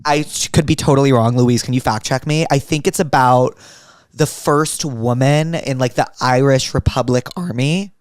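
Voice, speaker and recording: A man hosting a podcast, asking quick playful questions and swearing casually in a chat. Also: medium pitch, clear, resonant tone, no room sound, studio quality. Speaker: podcast host.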